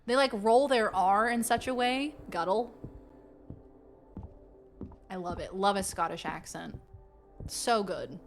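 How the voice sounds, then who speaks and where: A woman streaming a game and chatting casually with her viewers, playful and quick to slip into silly voices. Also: medium pitch, faint music behind. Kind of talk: casual live-stream chat.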